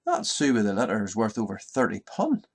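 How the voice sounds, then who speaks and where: A man's voice: fairly low pitch, huge pitch swings, a little fast, husky, full character voice. A man doing an indignant Ulster farmer. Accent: Ulster Scots. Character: indignant farmer, grown man, pig owner.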